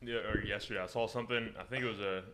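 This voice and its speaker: Quick-talking guy co-hosting a podcast, bright voice, says he's like constantly. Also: lowish voice, fairly even intonation. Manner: retells stories with lots of he's like and fillers. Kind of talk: casual chat.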